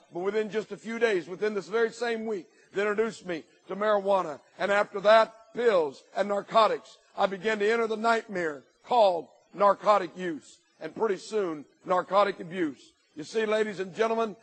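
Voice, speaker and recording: Husky, high-voiced man preaching his testimony. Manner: storytelling that builds to shouted warnings. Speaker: speaker giving his testimony. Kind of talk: testimony sermon to a church congregation. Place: church.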